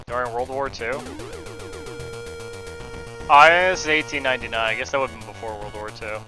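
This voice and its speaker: A man's voice: medium pitch, steady tone, moderate pace, over music, rough recording. A man streaming a video game, chatting and swearing casually and joking with viewers. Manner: profane, joking, frequent laughs. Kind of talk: gaming livestream commentary.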